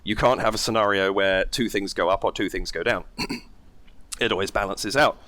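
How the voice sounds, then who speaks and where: A man's voice: fairly low pitch, normal speed, a bit bright, no echo. A man hosting a reaction video, talking casually and enthusiastically as he breaks down vocal technique. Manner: enthusiastic, exclaims and analyzes singing technique. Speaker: reaction channel host.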